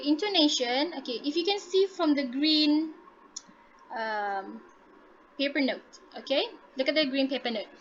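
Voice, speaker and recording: Bright, high-voiced teacher. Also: female voice, lo-fi sound, slight background noise. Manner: encouraging, repeats "okay" often, mixes in Malay. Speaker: English teacher. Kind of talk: online class teaching. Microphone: laptop mic on a video call.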